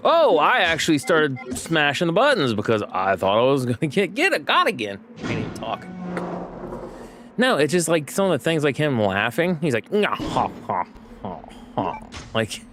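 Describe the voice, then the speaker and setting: With background noise behind him, a male streamer offers chatty, rambling commentary on his gameplay, regularly pausing to correct himself. He speaks at a moderate pace in a fairly high voice whose pitch swoops wildly.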